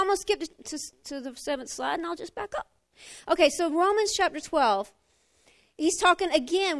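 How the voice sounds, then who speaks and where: A middle-aged woman preaching a sermon, animated, swinging from emphatic fire down to quiet talk. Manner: animated, rising to emphatic fire then dropping low.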